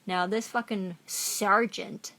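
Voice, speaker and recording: A woman's voice: mid-range voice, steady tone, slow pace, sharp tone. A middle-aged woman ranting furiously into the camera, profane and accusatory, repeating herself as she goes. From Canada. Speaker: vlogger. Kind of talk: angry rant to camera.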